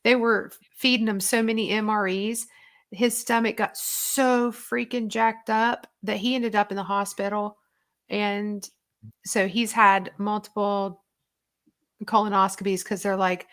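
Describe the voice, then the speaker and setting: Chatty woman host, mid-pitched voice. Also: steady tone, measured pace, a bit bright. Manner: chatty, rambling with many fillers. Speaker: host and diet coach. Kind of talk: casual chat answering viewer questions.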